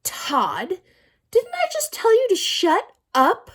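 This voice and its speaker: A woman voicing a temperamental female schoolteacher in a children's audiobook, high and sharp, swinging from snapping to sweetly apologetic. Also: very animated, moderate pace. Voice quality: high, sharp and shouty when angry.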